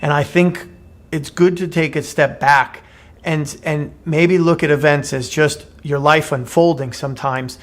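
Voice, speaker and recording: A man's voice: on the high side, fairly bright tone. A man co-hosting a podcast, talking earnestly in casual chat, often repeating words as he starts a sentence, and retelling a short fable. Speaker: podcast co-host.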